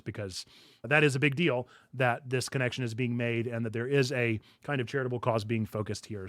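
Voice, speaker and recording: A man hosting a casual news show, chatty and animated, often laughing through his words. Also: medium pitch, dry recording, clean studio sound. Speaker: podcast host.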